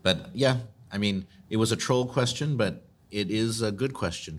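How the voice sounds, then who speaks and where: A man with a very deep voice hosts the show, answering listener questions. He talks in an earnest, explanatory way, with casual restarts as he works through his points. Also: normal speed. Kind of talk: casual commentary.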